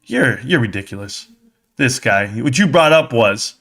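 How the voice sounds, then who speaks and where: A man's voice: medium pitch, animated, unhurried, fairly bright tone. A man hosting a stock market live stream, ranting heatedly and combatively as he answers his chat.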